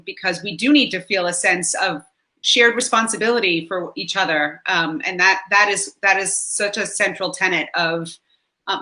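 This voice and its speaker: A woman who is a mayoral candidate, answering a guest's question with sympathy and frequent fillers. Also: on the low side. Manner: warm, apologetic, many fillers. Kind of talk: answering a question on a talk show.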